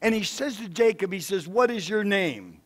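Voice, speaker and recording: A man, a pastor, preaching a sermon in church, swinging between loud emphatic declarations and soft, low asides. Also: animated, moderate pace. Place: church sanctuary.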